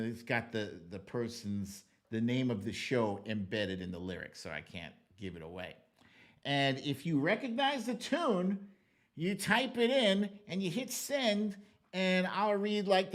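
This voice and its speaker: An American man hosting a political livestream, ranting in a casual, profane way and reading viewer comments. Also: medium pitch. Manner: animated, profane, ranting with loud outbursts. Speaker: livestream political show host.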